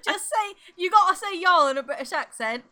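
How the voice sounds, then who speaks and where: A woman's voice: extremely high pitch, expressive, fairly quick, bright, forceful tone. A woman co-hosting a podcast in casual chat, teasing and giggling until she cries. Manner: giggly, teasing, laughing to tears. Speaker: podcast co-host.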